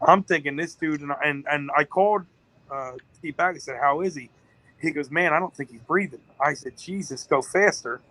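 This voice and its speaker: A man's voice: on the high side, fairly quick, pushed and bright, no room sound, rough recording. A man, a business-owner guest on a podcast, telling a long story in an emotional, rambling way.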